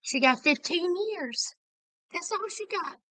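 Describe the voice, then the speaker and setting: A woman hosts her own casual commentary show in a high, bright voice that swings widely in pitch. She speaks unhurriedly and with heavy emphasis, breaking now and then into outraged shouting. The sound is dry and close, with no room around it. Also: animated, takes it slowly, dry recording, rough recording.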